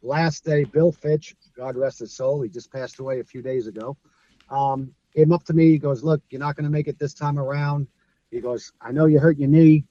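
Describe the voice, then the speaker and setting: As a guest in a relaxed interview, a middle-aged former streetball player from Brooklyn recounts stories in a New York accent, acting out quoted voices and laughing frequently. His slightly high voice moves at normal speed. The recording is dry, and the high frequencies are cut off.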